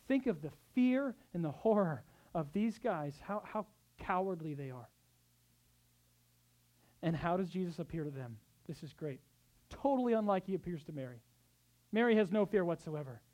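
A man preaching a sermon as pastor, swinging between soft, tender passages and loud, urgent exhortation, with conversational asides. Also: fairly high pitch, animated, normal speed. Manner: acts out quoted speech in conversational asides.

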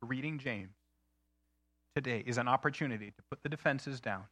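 A man preaching a sermon in an earnest, emphatic way, slowing down to stress key phrases. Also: mid-range voice, pushed and bright, dry recording, studio quality. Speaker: pastor.

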